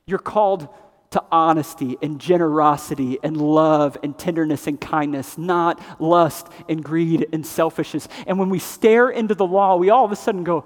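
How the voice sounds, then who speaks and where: A man preaching a sermon as pastor, swinging between loud emphatic passages and hushed, grave ones. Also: a little high, normal speed. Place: church sanctuary. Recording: long reverb of a large hall.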